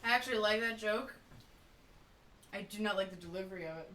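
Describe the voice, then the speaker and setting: A woman's voice: mid-range voice, brisk, bright, forceful tone, reverberant, far from the mic. A woman co-hosting a game stream, teasing her friends in casual chat. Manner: teasing, laughs often.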